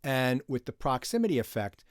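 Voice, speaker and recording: A man's voice: mid-range voice, very animated, normal speed. A man teaching an online music production class, explaining microphones in a casual way while he demonstrates the gear. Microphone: studio condenser microphone, moved around.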